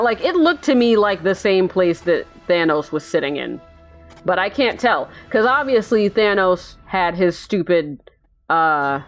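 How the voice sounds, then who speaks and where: A tired woman hosting a sleepy bedtime reaction, rambling and giggling through meandering musings. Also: on the low side. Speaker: channel host.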